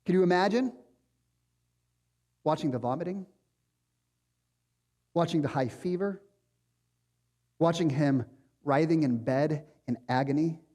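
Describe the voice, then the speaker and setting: High-voiced man preaching in a hall. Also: unhurried, pauses often, mellow. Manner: conversational, emphatic preaching with rhetorical questions. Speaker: pastor. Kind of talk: sermon. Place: church sanctuary.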